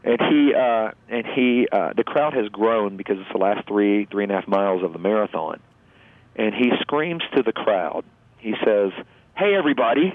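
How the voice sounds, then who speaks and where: Earnest, halting male storyteller, fairly low voice, dry tinny phone sound. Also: lively intonation. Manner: halting, earnest, emotional retelling. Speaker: interview guest. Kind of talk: personal storytelling. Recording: phone-like narrow line, dry.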